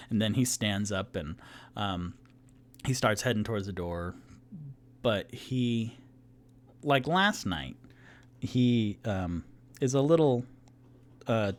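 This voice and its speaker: A man narrating a tabletop game as game master, rambling with many fillers and self-corrections. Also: on the low side. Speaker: game master and solo player.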